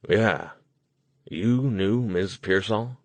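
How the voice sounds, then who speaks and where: A man voicing a gruff old small-town motel keeper. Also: on the low side, extremely slow, no echo. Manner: folksy rural speech, blunt. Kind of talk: audiobook character voice.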